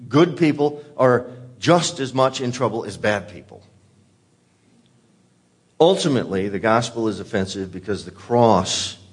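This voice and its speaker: A man's voice: lowish voice, breathy edge. A pastor delivering a sermon, an earnest man who often repeats words as he presses a point.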